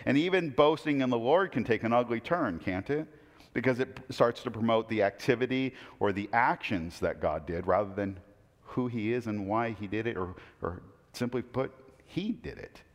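A man delivers a conversational sermon to a church class, speaking casually with wry asides and frequent restarts. His voice sits at a middle pitch. It rings with the long reverb of a church hall. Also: animated, moderate pace. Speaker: preacher teaching a Bible class.

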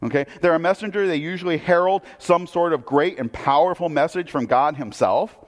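A man with a fairly high voice preaches in a conversational way, firing rhetorical questions at his listeners and restarting phrases as he goes. His voice carries a long reverb, as if recorded in a large church hall. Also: brisk. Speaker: pastor. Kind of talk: sermon.

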